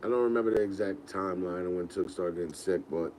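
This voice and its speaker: A young man with a low voice tells stories from his life in a loose, slangy podcast chat. He gets animated as the stories build. A faint hiss sits under the recording. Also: quick pace. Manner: animated, laughing, slangy storyteller. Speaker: podcast host. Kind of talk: casual storytelling.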